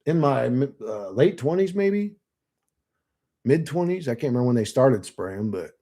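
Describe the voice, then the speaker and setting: Florida man, late 30s, channel host, loose profane rambling, mid-pitched voice. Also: sing-song, normal speed, dark tone. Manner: rambling and profane, with frequent fillers and laughs. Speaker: channel host reading viewer comments. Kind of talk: casual rambling monologue.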